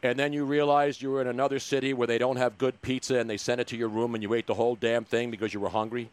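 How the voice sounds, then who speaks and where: A man's voice: mid-range voice, level tone, fast talker, clear, resonant tone. Jokey male sports radio host. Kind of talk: casual sports radio chat.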